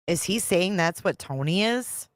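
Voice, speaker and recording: A woman's voice: lowish voice, lively intonation, unhurried, dry recording, clean studio sound. A woman hosting a live stream, chatting casually and reading out viewer comments as she reacts to a clip. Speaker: livestream host reacting to a clip.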